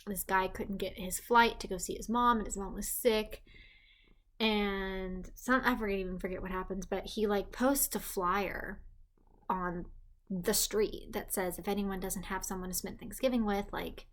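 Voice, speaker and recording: A young woman gives a rambling, self-deprecating vlog update, drifting between tangents. She talks softly at times, dropping into hushed, breathy asides, and her voice sits in an ordinary middle pitch for a woman. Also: fairly even intonation, a little slow. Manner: quiet and hushed at times, while her partner sleeps. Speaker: vlogger. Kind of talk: casual pregnancy update vlog.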